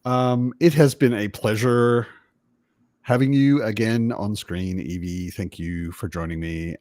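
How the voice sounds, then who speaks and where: A man's voice: lowish voice, a little mellow, no room sound, clean studio sound. A man hosting a casual livestream book chat over a video call, rambling and correcting himself as he talks. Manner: rambling, self-correcting, chatty. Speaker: livestream host. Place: home in Berlin.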